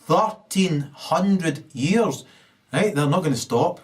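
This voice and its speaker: A man in a rambling, ranting monologue, full of hesitations and fillers and with sudden loud rises. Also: on the high side, takes it slowly, recorded from a distance. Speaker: video blogger.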